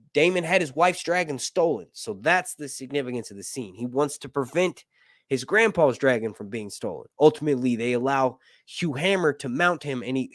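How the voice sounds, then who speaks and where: A man's voice: medium pitch, dry recording, clean studio sound. A man hosting a casual live stream, reading viewer messages aloud and chatting with lots of laughs and energy. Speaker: livestream host.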